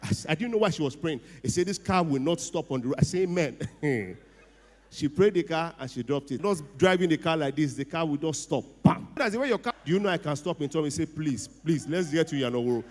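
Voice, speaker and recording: A middle-aged Nigerian man with a slightly high-pitched voice tells a humorous story on stage. His delivery is animated and full of laughs, and he dips into a hushed voice for quoted lines. The sound rings with the long reverb of a large hall. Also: a little fast. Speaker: speaker at a ceremony. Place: event hall.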